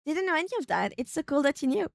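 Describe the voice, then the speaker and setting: A woman streaming a video game, chatting casually, thinking aloud in a rambling way with sudden excited outbursts. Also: sits high, quick pace, creaky, no room sound, studio quality.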